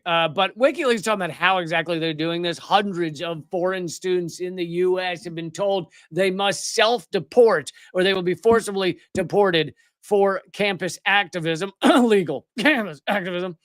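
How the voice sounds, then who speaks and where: A man's voice: high-pitched, fairly bright tone, no echo, clean studio sound. A man hosting a live political commentary show, ranting with biting sarcasm. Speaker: host.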